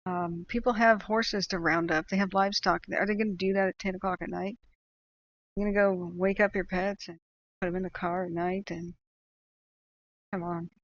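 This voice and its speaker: A woman's voice: on the low side, moderate pace, dull audio. A woman hosting a livestream, talking casually and animatedly, with fillers and rants. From United States. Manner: animated, ranting, chatty with laughs and fillers. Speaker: livestream host tracking wildfires.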